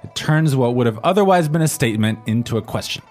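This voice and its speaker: A man's voice: medium pitch, expressive, fast talker, darkish tone. A man co-hosts a podcast language lesson in a mid-range voice. He keeps things moving with prompting questions and plain-English recaps. Light music plays faintly underneath. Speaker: co-host.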